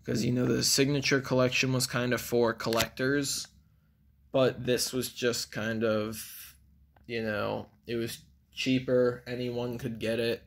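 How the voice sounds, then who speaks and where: A man's voice: mid-range voice, level tone, measured pace, gravelly, a little hiss or hum. A man giving a casual video review of toys, rambling with frequent ums. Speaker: toy reviewer.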